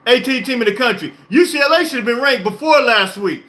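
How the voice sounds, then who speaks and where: An excited man hosting a sports reaction stream, talking emphatically, repeating himself and laughing often. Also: very high voice, fairly quick. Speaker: podcast host. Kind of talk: live-stream sports reaction, reading chat.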